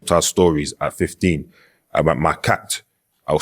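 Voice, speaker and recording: A man in his thirties with a very deep, low voice talks as a dating show contestant. He stretches out his stories with heavy drama. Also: fairly even intonation. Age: 30s. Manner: drawn-out, dramatic storytelling.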